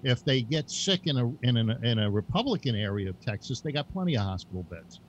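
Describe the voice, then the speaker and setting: A man's voice: medium pitch, sing-song, a little fast. An opinionated man trades provocative remarks in a loose panel chat, and his voice rises and falls a lot. The sound is muffled and lo-fi, with faint hiss.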